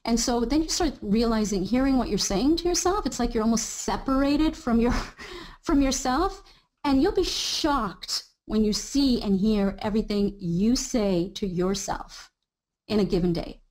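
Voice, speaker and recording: A woman's voice: on the high side, unhurried. A woman giving a live training on mindset, talking casually and acting out people's inner thoughts. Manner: animated, acts out inner thoughts in quoted asides. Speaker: coach. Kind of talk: live online training talk.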